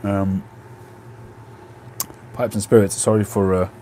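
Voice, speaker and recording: A man's voice: lowish voice, level tone, slow, dark tone, a little hiss or hum. A man hosting a casual live stream from home on a phone, chatting and answering viewers' comments.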